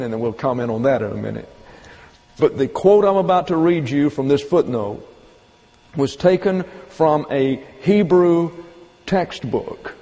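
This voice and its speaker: A male Bible teacher works through his point step by step, slowing to stress each quoted phrase. His voice sits a little high but sounds mellow and dark. A long reverb from the hall trails behind him. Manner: methodical, step-by-step explaining, slow emphatic quoting. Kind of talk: evening Bible lesson.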